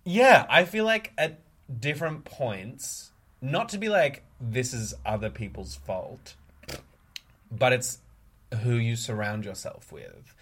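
A joking man co-hosting a podcast, his pitch swinging up and down as he talks. He chats casually and swears freely. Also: lively intonation, slow, fairly bright tone, slightly rough. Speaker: podcast co-host. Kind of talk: casual chat.

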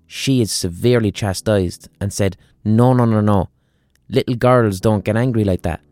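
A man, a podcast host giving an animated monologue and acting out the voices he quotes. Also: medium pitch, no room sound.

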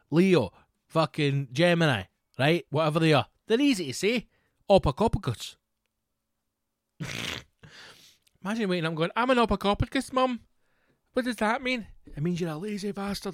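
A male podcast host rants in a sweary, incredulous way, his voice sitting somewhat high. The sound is dry and close, with no room behind it. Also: no echo. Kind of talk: comedy podcast rant.

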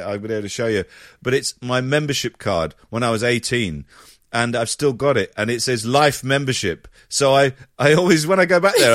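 A man's voice: medium pitch, dry recording, studio quality. A man, a comedian, telling anecdotes in an interview and acting out voices as he goes. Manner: lively storyteller, acts out voices. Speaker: comedian guest.

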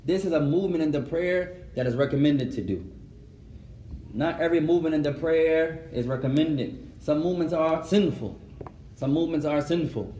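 A man teaching a mosque lesson and answering questions, mixing Arabic phrases into his English, in a gently instructive way. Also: a little high, slight background noise. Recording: roomy echo, voice from far off.

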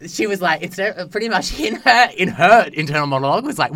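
A man's voice: sits high, lively intonation, a little fast, bright, forceful tone. A young man on a podcast, telling a travel story in an exasperated, profane rant and acting out the people in it. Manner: profane, exasperated, acts out quotes. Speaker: podcast co-host. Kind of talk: casual ranting storytelling.

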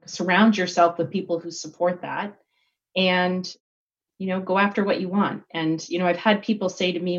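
A woman's voice: on the low side, steady tone, moderate pace, muffled recording. A middle-aged woman giving a candid, reflective interview answer, full of fillers and restarts. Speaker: guest executive.

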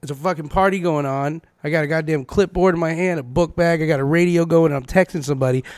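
A man co-hosting a casual podcast chat, ranting quickly and swearing often. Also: a little high, a little mellow, clean tone, no echo, clean studio sound. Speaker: podcast co-host.

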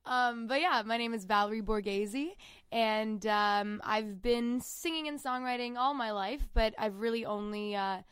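Casting: young woman guest, rambling casual talker, a touch high, smooth and clear. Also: measured pace, fairly bright tone, no room sound, studio quality. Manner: chatty, rambling with many fillers. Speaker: singer-songwriter guest. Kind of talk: casual interview chat.

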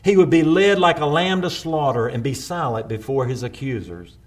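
A male preacher delivering a sermon, building intensity through repeated refrains and slowing down for quoted prayers. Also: medium pitch.

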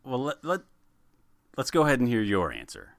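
A man co-hosting a podcast in casual chat, animated and laughing, often repeating words as he starts a sentence. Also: medium pitch, normal speed, gravelly, dry recording. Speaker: podcast co-host.

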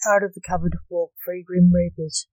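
A storyteller reading a fantasy story aloud in a steady, unhurried way. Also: mid-range voice, no room sound, rough recording. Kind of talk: scripted narration of a fantasy story.

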